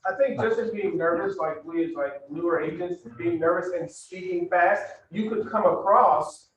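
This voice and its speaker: A man's voice: sits high, normal speed, a bit bright. A man who is a new agent, commenting thoughtfully and a bit hesitantly in a training session. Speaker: new real estate agent. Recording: distant, echoey, dull with faint noise.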